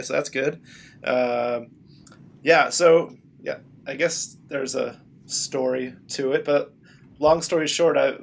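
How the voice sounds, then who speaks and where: Male guest, gravelly voice, talks loosely with frequent fillers. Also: medium pitch, a little hiss or hum. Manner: rambling, filler-heavy. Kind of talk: casual chat.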